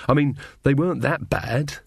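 A man's voice: mid-range voice, measured pace, no echo, clean studio sound, close to an everyday voice. A man voicing a frightened, earnest young woman in a storybook reading, speaking in a raised, anxious voice.

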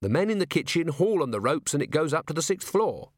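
An eager, earnest young constable, voiced by a male narrator, keen to help and answering respectfully. He speaks a little higher than the narrator's own voice, read close and dry. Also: big pitch swings, fast, breathy edge, no room sound. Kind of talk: audiobook character voice.

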